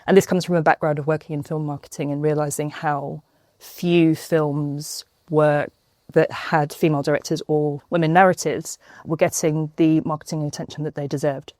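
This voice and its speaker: A woman's voice: low voice, little pitch movement, moderate pace, a little mellow, dry recording. A woman film critic speaking as a guest, open and reflective. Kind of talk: interview answers.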